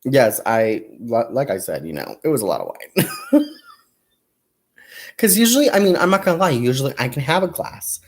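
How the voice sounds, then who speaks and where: Counting his stitches aloud as he crochets, a young man runs a casual crafting livestream and addresses viewers as "you guys" and "y'all." His mid-range voice swings hugely in pitch at a moderate pace with long pauses, and his stories come with plenty of laughs.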